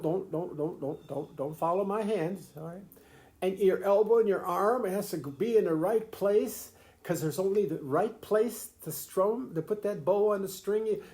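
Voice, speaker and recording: A high-pitched man with a dark tone, an older grandfather, walks his grandchild through the fiddle. It's a casual home video lesson, folksy and meandering, with plenty of restarts and chuckles.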